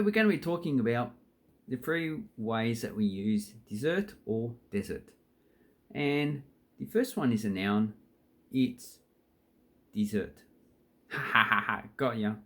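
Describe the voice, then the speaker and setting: An Australian man giving a casual, playful English lesson, joking and stressing key words. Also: medium pitch. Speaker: English teacher.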